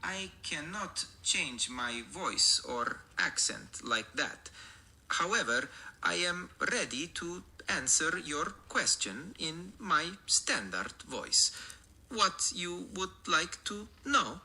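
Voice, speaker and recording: A male-sounding synthetic voice assistant answering questions in a polite, measured way. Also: on the high side, sing-song, creaky, sharp tone, slightly rough, low-quality recording.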